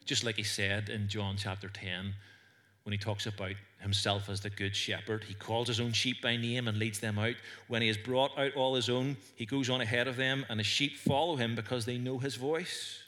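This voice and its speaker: A man's voice: medium pitch, steady tone, moderate pace, bright, forceful tone. A man with a Northern Irish accent, preaching an earnest sermon to a congregation in church and telling stories with small stumbles. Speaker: pastor. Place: church service.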